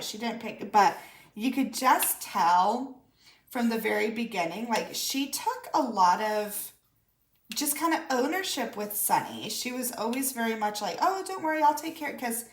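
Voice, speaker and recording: With a mid-range, fairly bright voice echoing in the room, a woman vlogs for her viewers. As the adult mother of a school-age daughter, she relays a story casually, chatting away and quoting lots of dialogue.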